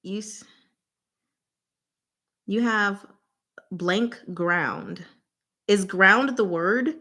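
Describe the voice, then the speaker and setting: A woman hosting a casual livestream word game. She gives clues in short, deliberate fragments and laughs often. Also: mid-range voice, bright, forceful tone. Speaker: channel host running a livestream game.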